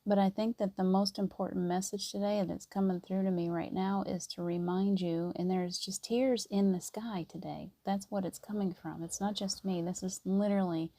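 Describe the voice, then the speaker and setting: A middle-aged woman hosting a spiritual live stream, talking softly and earnestly and greeting viewers by name. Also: lowish voice, no room sound.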